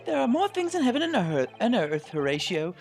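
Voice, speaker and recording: A man's voice: extremely high pitch, huge pitch swings, brisk, gravelly, voice pushed up, heavily acted. A man voicing a theatrical male lodger in a game who speaks in archaic, declaiming verse. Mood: grandiose. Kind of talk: fan voice-over of a game. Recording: faint music behind.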